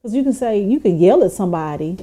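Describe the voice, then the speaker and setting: A woman co-hosting a podcast, talking in a casual, animated way and acting out quoted speech. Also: medium pitch, fast. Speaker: podcast co-host. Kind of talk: casual chat. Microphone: podcast microphone.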